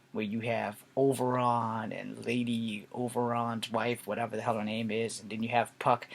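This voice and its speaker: A man tells stories to the camera in a loose, rambling way, at a mid-range pitch. He pokes fun at himself and drops casual swear words along the way. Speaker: vlogger. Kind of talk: casual monologue.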